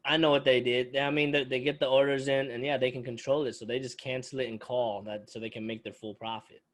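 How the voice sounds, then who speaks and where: A young adult man co-hosting a podcast, chiming in with short, relaxed replies. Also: medium pitch, fast. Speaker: podcast co-host. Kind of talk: casual chat.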